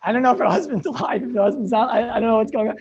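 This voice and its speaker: Male rabbi, gravelly delivery, lively self-deprecating storyteller, dull lo-fi sound. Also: extremely high pitch, rapid-fire, a little hiss or hum. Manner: animated, self-mocking storytelling with frequent laughs; sprinkles in Hebrew and Yiddish learning terms. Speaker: rabbi giving a chizuk talk. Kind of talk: storytelling sermon. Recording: dull lo-fi recording.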